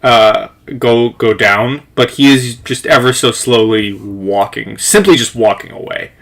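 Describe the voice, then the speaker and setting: A man's voice: mid-range voice, a little slow, vocal fry, fairly bright tone. Man running a tabletop game. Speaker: game master.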